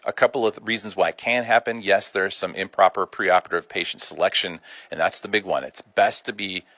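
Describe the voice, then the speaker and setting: Man, middle-aged, radio health talk, deep voice, dry close mic, folksy and chatty. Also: fairly even intonation, brisk, pushed and bright, no room sound. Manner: folksy and conversational, with colloquial asides. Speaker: radio show host doctor.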